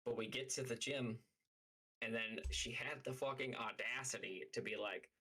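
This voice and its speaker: A man's voice: mid-range voice, normal speed, bright, forceful tone, low-quality recording. A man streaming live, telling a story as a heated, profane rant full of fillers. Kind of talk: casual livestream rant.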